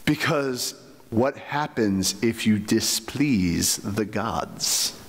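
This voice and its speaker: Conversational pastor in an echoing church. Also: male voice, lowish voice, expressive, drawn-out words, slight background noise. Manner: conversational, full of rhetorical questions. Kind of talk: sermon. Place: church sanctuary.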